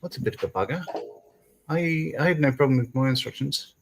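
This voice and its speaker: A man's voice: mid-range voice, expressive, brisk, a little hiss or hum. A man on a live model-building panel, reading out chat comments and laughing along. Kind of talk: casual live-stream chat.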